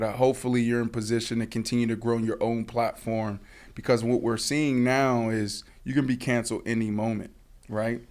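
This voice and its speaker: Sports podcast co-host, male, emphatic, mid-pitched, pauses with fillers. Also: darkish tone. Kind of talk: casual sports talk.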